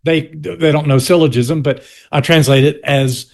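A man's voice: fairly high pitch, fairly even intonation, normal speed, gravelly, a little mellow. Older Southern US man lecturing. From South Carolina. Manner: lecturing with restarts and pointed asides. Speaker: history teacher guest. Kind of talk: explanatory interview talk.

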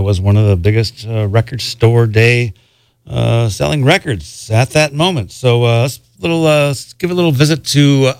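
A man's voice: medium pitch, dry recording. A man working as a radio DJ, back-announcing records in a loose, rambling way with lots of fillers. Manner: relaxed, rambling, many "uh" fillers. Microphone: studio microphone.

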